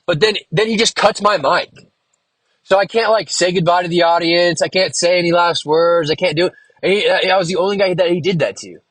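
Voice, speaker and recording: A man's voice: sits high, a little fast, a bit bright, no room sound. A man hosting a solo podcast, rambling casually and venting with a lot of swearing. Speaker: podcast host and musician.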